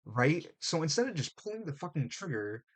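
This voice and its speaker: A man co-hosting a casual podcast, retelling a show's plot in animated, profane chat and putting on quick mock voices. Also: fairly high pitch. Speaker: podcast co-host.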